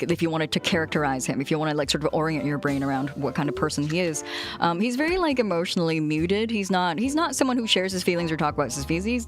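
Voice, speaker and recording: A young woman streamer in casual chat with her viewers, reading their messages aloud and chatting back with big swings in tone. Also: on the low side.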